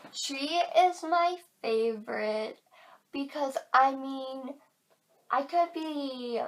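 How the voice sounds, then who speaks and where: Chatty teen girl vlogger, high voice. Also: fairly bright tone. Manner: chatty and giggly, lots of "like". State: tired. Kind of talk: casual chat to camera.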